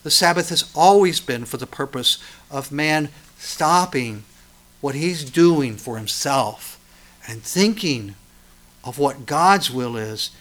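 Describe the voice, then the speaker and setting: A man preaching a sermon, swinging from loud emphatic lines to quiet, intense ones. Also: mid-range voice. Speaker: pastor.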